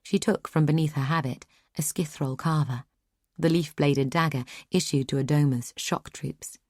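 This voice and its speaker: A woman narrating a fantasy audiobook in a measured, even storytelling manner. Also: deep voice, no echo, studio quality. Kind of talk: scripted narration.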